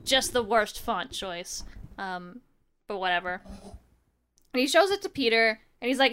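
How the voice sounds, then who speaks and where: A woman's voice: fairly high pitch, expressive, normal speed, bright, forceful tone, clean tone. Wry, chatty young woman recapping comics. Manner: chatty, wry asides, acts out quoted lines. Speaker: podcast co-host. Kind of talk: casual comic book recap.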